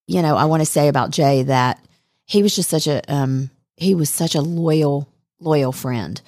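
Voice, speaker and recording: A woman's voice: low-pitched, moderate pace, a little mellow, dry recording, studio quality. A woman chatting casually on a podcast, reminiscing about a friend with many fillers and restarts.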